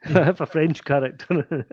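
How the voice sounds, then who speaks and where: A man's voice: a little high, normal speed, darkish tone, breathy edge, no room sound. Chuckling male co-host, muffled mic. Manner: short backchannels, chuckling. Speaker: podcast co-host. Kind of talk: casual podcast chat. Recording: dull, muffled mic sound.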